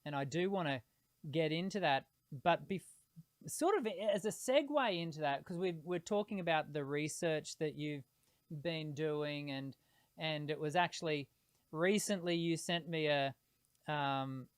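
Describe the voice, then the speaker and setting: A man's voice: a little high, a little slow, clean tone, no room sound, clean studio sound. Hesitant, rambling male host. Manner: hesitant, rambling questions with many restarts. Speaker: podcast host, singing teacher. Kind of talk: conversational interview.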